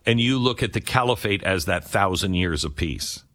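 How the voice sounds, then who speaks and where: A man hosting an interview in casual chat, with animated, chuckling asides. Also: low voice, moderate pace, no room sound, clean studio sound. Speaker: interview host.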